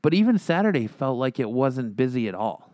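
A man hosting a podcast in casual chat, telling stories animatedly and acting out quotes with big jumps in pitch. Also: big pitch swings, a little fast, dark tone, no echo. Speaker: podcast host.

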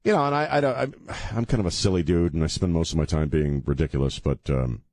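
Low-voiced man rambling on talk radio. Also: quick pace, darkish tone, no room sound. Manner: rambling, self-deprecating, earnest about faith. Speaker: radio host. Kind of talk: casual talk radio monologue. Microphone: studio mic with headphones.

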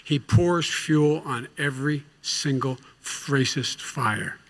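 A man's voice: medium pitch, slow pace, fairly bright tone. A man at a televised debate speaking indignantly and emphatically.

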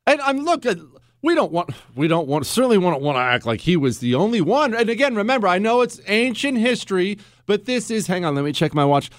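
A man hosting a talk radio show, delivering a sarcastic, animated monologue into a studio mic. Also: high-pitched, a little fast, no room sound.

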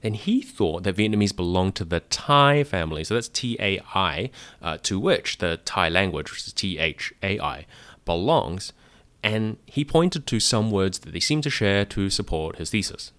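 Podcast host, male, lowish voice, dry close recording; patient explainer who spells things out. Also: lively intonation, normal speed, a bit bright, no echo. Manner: explains patiently, spells out words, demonstrates sounds. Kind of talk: conversational explainer monologue.

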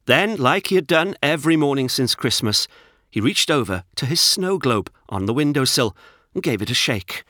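A man reading a children's storybook aloud in an expressive, lively narration. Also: mid-range voice, normal speed, no echo, studio quality.

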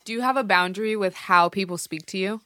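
Bright-voiced teasing woman host. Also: medium pitch, fast, no room sound, clean studio sound. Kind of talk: casual chat.

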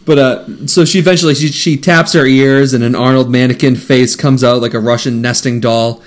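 A man co-hosting a casual podcast, recapping movie scenes with deadpan quips. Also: medium pitch, normal speed. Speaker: podcast co-host.

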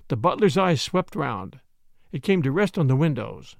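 A man narrates a story in a measured reading, his voice high with a gravelly edge. The sound is dry and close, with no room around it. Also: sing-song, no room sound. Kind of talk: audiobook narration.

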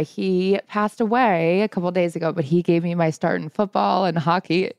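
A woman's voice: on the low side, fairly even intonation, moderate pace, a little mellow, smooth, dry recording, clean studio sound. A woman co-hosting a podcast in casual chat, telling stories in a chatty, laughing way and swearing freely. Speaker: podcast co-host.

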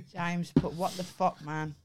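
Brief: Brummie woman podcast co-host, sweary, giggly, pitch bouncing all over. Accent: Birmingham. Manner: sweary, laughing, excitable. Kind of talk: casual comedy podcast chat.

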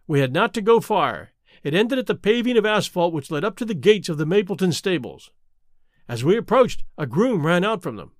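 A man narrating a classic detective story in a measured, expressive reading. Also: high voice, dry recording, studio quality. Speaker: audiobook reader.

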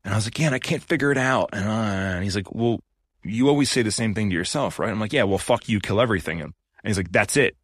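A man's voice: fairly low pitch, lively intonation, quick pace, no room sound, clean studio sound. A man on a podcast as a guest, telling a story in a blunt, emphatic way, full of swearing. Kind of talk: casual storytelling in conversation.

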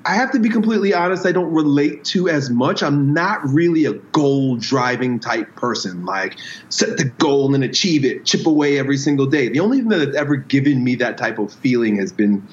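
A man's voice: mid-range voice, lively intonation, normal speed, a little hiss or hum. A man, a strength coach, talking as an interview guest in a reflective way, explaining his ideas through metaphors and his own stories. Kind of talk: casual conversational interview. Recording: roomy, slightly dull sound.

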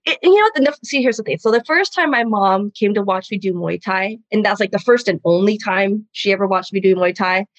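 A woman's voice: medium pitch, brisk, hardly any pauses, no echo, dull audio. A young woman in casual chat, a jiu-jitsu fighter telling stories and acting out her mother's voice, laughing often. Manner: chatty storyteller, acts out her mom's voice, laughs often.

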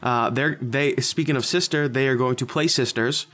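A man's voice: mid-range voice, fairly even intonation, moderate pace, a bit bright. Offhand, joking male podcast host. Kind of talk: casual podcast banter.

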